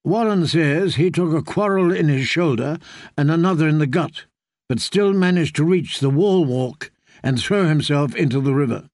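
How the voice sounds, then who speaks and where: A man narrating a fantasy audiobook in a brisk, even storytelling manner. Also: fairly high pitch, no echo, clean studio sound.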